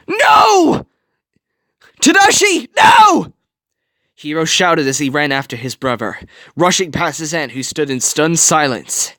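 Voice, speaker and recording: A man reading a fan story aloud with dramatic, expressive narration. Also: medium pitch, no room sound, studio quality. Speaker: reader.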